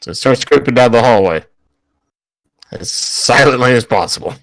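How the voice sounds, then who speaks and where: A man plays his character in a tabletop game, describing sneaky moves with hesitant pauses. His voice swings widely in pitch, and it sounds dry and close. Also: expressive, a bit bright, no room sound. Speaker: player. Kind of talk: casual tabletop play.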